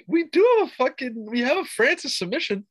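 A man co-hosting a casual podcast, talking excitably, swearing freely and acting out his own reactions. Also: extremely high pitch, a little fast, husky, dry recording. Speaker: podcast co-host. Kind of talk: casual fight-talk podcast chat.

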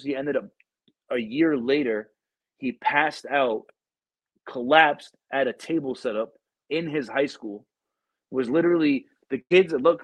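A man's voice: mid-range voice, no room sound, rough recording. Podcast host, young man, slangy and profane, close dry sound. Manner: slangy, profane storytelling with many fillers. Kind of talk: casual chat.

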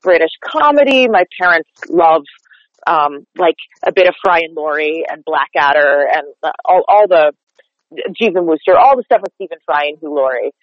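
A woman's voice: low voice, animated, normal speed, no room sound. A woman from North Texas, a dialect coach, chatting in a casual interview with lots of "like" fillers. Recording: dull lo-fi sound, dry.

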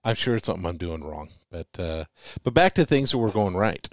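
A man's voice: deep voice, expressive, a little fast, dry recording, studio quality. A man co-hosting a casual sports chat, easygoing and rambling with fillers. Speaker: co-host.

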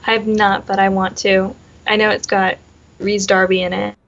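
Young female podcast co-host, even-paced and thoughtful, slightly muffled sound. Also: mid-range voice, normal speed, vocal fry. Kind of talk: casual chat.

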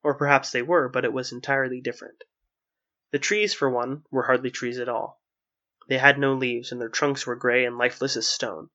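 Male narrator, mid pitch, even storybook reading, lo-fi muffled sound. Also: normal speed.

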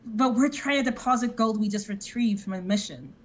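A woman's voice: fairly high pitch, fairly quick, slight background noise. A woman playing her character in a tabletop game, playful and blustering in character. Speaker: player. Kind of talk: tabletop role-play.

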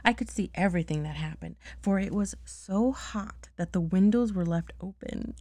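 A woman's voice: medium pitch, a little mellow, no room sound. A woman casually reading a storybook aloud, stopping to check words and laugh at her own slips. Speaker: bedtime story reader.

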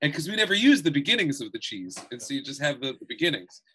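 A man's voice: fairly high pitch, quick pace, slightly rough. A man co-hosting a casual podcast chat, telling jokey stories and swearing freely. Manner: animated, jokey storyteller who swears freely. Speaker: podcast co-host.

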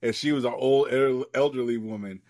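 A man's voice: mid-range voice, fairly quick, a little mellow, no room sound, clean studio sound. A man co-hosting a podcast, casually recapping a comic book in a loose, rambling way, swearing freely and leaning on lots of fillers. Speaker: podcast co-host.

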